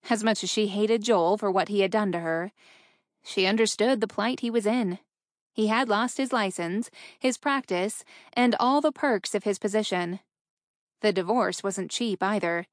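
A woman reading an audiobook in a steady, measured narration. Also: medium pitch, no echo, studio quality.

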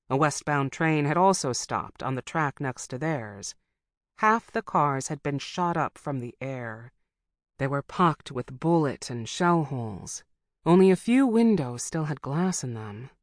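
An audiobook narrator reading a novel in a steady, measured storytelling manner. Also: mid-range voice, dry recording, clean studio sound.

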